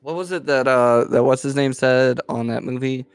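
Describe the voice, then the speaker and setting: A young man co-hosting a casual chat, laid-back, with drawn-out reactions like "oh, man". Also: medium pitch, clean tone, no room sound, studio quality.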